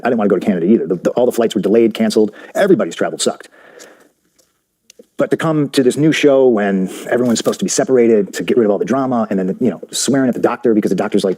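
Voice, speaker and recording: A man with a low, dark, husky voice tells his side of a story in an interview. He races through it, blunt and profane, acting out the lines of everyone involved. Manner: blunt, profane, rapid storytelling with quoted dialogue. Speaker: interview guest, wrestler.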